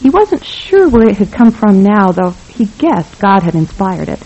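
A narrator reads a novel aloud with a wry, even delivery at a middle pitch. The recording is dull and lo-fi. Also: normal speed. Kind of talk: scripted audiobook narration.

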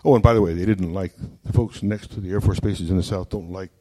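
A man's voice: low-pitched, fairly even intonation, warm tone. Folksy man telling stories to an audience. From Wyoming, United States. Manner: folksy, humorous, deliberate. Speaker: speaker. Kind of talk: storytelling talk to an audience.

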